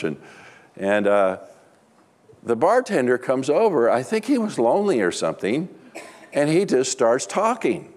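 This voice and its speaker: Animated storytelling male pastor. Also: medium pitch, measured pace, pauses often. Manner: animated storyteller, acts out dialogue. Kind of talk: sermon with storytelling.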